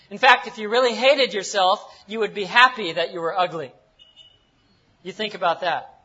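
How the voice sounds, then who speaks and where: Man preaching, high and bright voice, folksy and joking, dull lo-fi sound. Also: moderate pace. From United States. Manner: folksy, joking, repeats phrases, speaks simply to a foreign congregation. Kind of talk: sermon with jokes and Bible reading.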